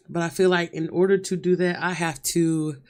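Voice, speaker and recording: Through a camera mic, a woman with a lowish, darkish voice vlogs live, talking candidly and casually to her viewers and addressing them as y'all and honey.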